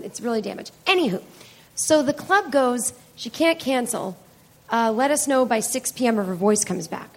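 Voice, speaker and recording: A woman comedian telling a story live on a club stage, chatty and profane, acting out both sides of conversations. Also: on the high side. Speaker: comedian and podcast host.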